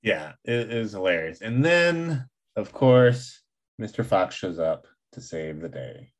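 A man's voice: on the low side, big pitch swings, slow. A man co-hosting a podcast, recapping a film plot in casual chat and laughing often. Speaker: podcast co-host.

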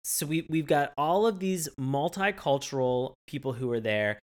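A woman co-hosting a podcast in casual chat, animated and swearing freely, jumping into mocking quotes. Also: low voice, normal speed. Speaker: podcast co-host.

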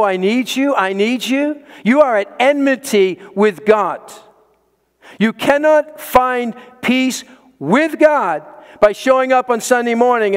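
A man's voice: high voice, clean tone, big-room sound. A man preaching a sermon as pastor, emphatic, repeating words for stress and pressing his listeners with questions.

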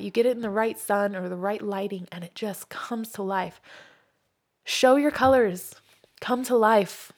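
A woman's voice: medium pitch, creaky. A middle-aged woman who owns a crystal shop, talking earnestly and from the heart about healing stones and her own life. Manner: warm, earnest, heartfelt storytelling.

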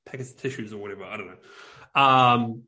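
A New Zealand man in casual podcast chat, his voice sitting at an ordinary middle pitch. He tells stories in a loose, rambling way, stacking fillers and restarting sentences as he goes. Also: normal speed, pushed and bright. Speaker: podcast co-host.

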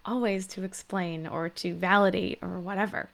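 A woman in the middle of her pitch range hosts a podcast conversation. She is agreeable and keeps the talk going with frequent short affirmations. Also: fairly even intonation, normal speed, vocal fry, a bit bright. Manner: agreeable, backchannels often. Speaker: podcast host.

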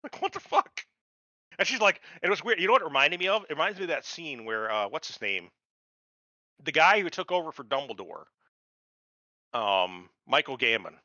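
A man's voice: a little high, a little fast, no room sound, highs cut off. A man co-hosting a podcast in casual chat, swearing and laughing as he rants. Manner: animated, profane, laughs while ranting. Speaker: podcast co-host.

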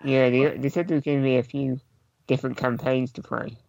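A man with a gravelly, creaky voice chats on a games podcast. He fills in details in a matter-of-fact way, and the sound is dry and close. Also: medium pitch, fairly even intonation, a little fast, darkish tone, no echo. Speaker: podcast co-host. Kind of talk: casual podcast chat.

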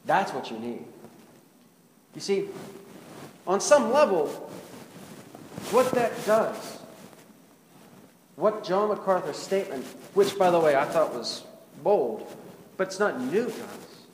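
A man's voice: high-pitched, expressive, slow pace, long pauses, a little hiss or hum. A male pastor preaching a sermon in a conversational way, often putting questions to the congregation. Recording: echoey hall with faint ambience.

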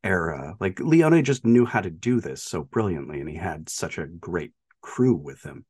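A man's voice: low voice, big pitch swings, moderate pace, a little mellow, slightly rough, no room sound, clean studio sound. A man co-hosting a podcast, casually and animatedly retelling a film's plot with lots of "like" and "uh". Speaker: podcast co-host. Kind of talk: casual film discussion.

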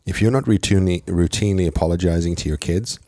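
A man's voice: deep voice, quick pace, warm tone, no echo, clean studio sound. A man co-hosting a parenting podcast, talking reflectively and joking, with frequent restarts. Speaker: podcast co-host. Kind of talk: casual podcast chat.

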